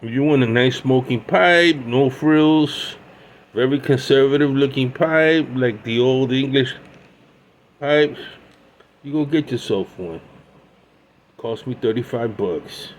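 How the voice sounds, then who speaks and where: A man's voice: mid-range voice, slow pace, pauses often, a little hiss or hum, low-quality recording. A man in his sixties chatting casually as he shows off his pipes, rambling with many asides and restarts. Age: 60s. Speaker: pipe collector showing his pipes. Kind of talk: casual show-and-tell chat.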